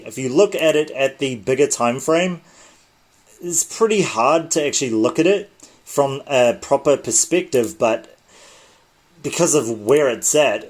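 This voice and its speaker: A man of middling pitch hosts a casual livestream, walking viewers through trading charts. He sounds tired and talks loosely, often stopping to correct himself. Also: darkish tone. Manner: chatty, loose, with frequent self-corrections. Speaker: crypto trading channel host.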